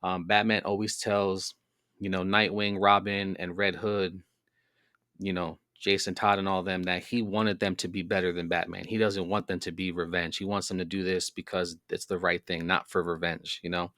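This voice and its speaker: Podcast host, male, low register, loose rambling delivery, dry close mic. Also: flat delivery, normal speed, pushed and bright, dry recording. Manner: rambling, filler-heavy storytelling. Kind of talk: casual monologue.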